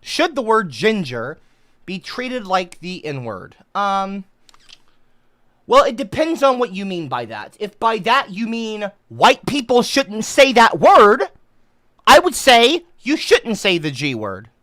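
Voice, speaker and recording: A woman livestreamer in a comedic rant, indignant and breaking into shouted outbursts. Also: medium pitch, sing-song, slow, dry recording.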